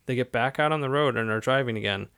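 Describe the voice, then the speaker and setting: Give me a man in casual podcast chat, animated and laughing often, with a dry, close sound. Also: medium pitch, fast talker, smooth, no echo. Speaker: podcast co-host. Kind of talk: casual movie-review chat.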